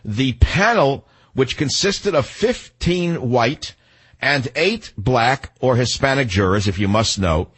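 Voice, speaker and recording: Older radio host ranting, husky voice, fired up and combative. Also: male voice, medium pitch, a bit bright. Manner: indignant, emphatic, combative. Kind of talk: talk radio monologue.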